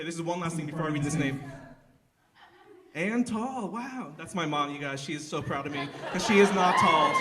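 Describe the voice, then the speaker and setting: A man's voice: fairly high pitch, background noise. A young man doing a live stand-up set, rambling and self-deprecating, with lots of fillers and restarts. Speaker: stand-up comedian. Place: theater stage.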